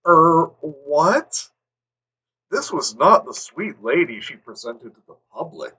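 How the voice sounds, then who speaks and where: A man's voice: mid-range voice, very animated, moderate pace, noisy background. A man hosting a livestream, reading a fanfic aloud, exasperated and swearing as he goes. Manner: exasperated, swearing, breaking into laughter. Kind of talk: live comedic dramatic reading.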